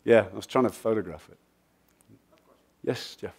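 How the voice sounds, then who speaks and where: A middle-aged man from England with an English accent, giving a lively, joking and blunt motivational talk at a festival, answering audience questions. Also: fairly low pitch, moderate pace, slightly rough. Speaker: guest speaker.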